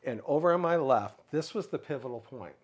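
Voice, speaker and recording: A middle-aged man speaks at an ordinary, middle pitch while telling a long story in a relaxed interview. He is animated and lively, and now and then lifts his voice to act out another person's words. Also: fairly quick, slightly rough. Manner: animated storyteller, acts out others' lines in a raised pitch. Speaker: guest speaker.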